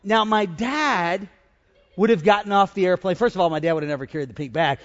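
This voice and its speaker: A male pastor preaching a humorous storytelling sermon, animated and joking, rising into loud exhortation. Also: sits high, brisk, big-room sound, dull audio. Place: church with congregation.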